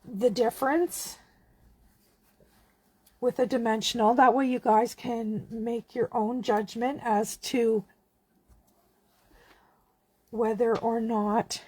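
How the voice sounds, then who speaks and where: Crafter host, woman, slightly high and husky, slow friendly talk-while-working. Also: no echo. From Canada. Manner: chatty, relaxed, talks while working. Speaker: card-making demonstrator. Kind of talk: casual craft tutorial.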